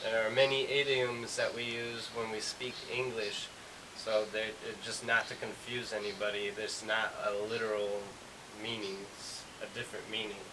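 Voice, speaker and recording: A man's voice: on the low side, flat delivery, normal speed. Casual man explaining English idioms. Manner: casual, rambling explanations with many fillers. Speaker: English teacher. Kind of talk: explaining a language lesson. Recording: hissy recording from far off.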